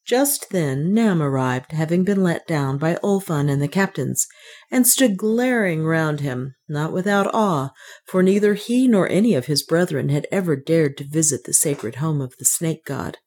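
Low-voiced woman narrating a novel. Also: lively intonation, a little slow, darkish tone. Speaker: audiobook narrator. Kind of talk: scripted narration.

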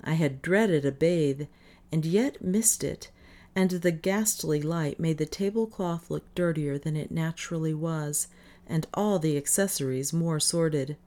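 A woman reading a first-person novel aloud in measured audiobook narration. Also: sits low, mellow. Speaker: audiobook reader. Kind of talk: scripted narration.

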